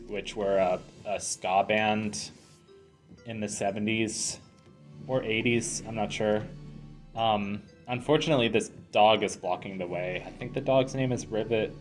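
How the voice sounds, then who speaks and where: Man, lowish voice, casual game commentary, rambling jokey asides, faint music behind. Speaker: let's play commentator.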